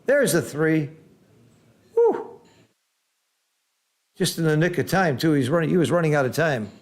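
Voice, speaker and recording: A man commenting live on a board game match, reacting loudly to big swings and then explaining the strategy patiently like a teacher. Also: on the high side, quick pace. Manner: excitable, exclaims loudly at big rolls, then explains calmly.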